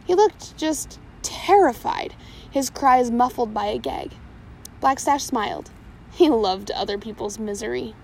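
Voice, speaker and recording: A woman's voice: a little high, sing-song, unhurried, a little mellow, a little hiss or hum, poor audio. A woman reading a pirate storybook aloud, now and then stumbling and correcting herself. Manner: reads with small slips and self-corrections.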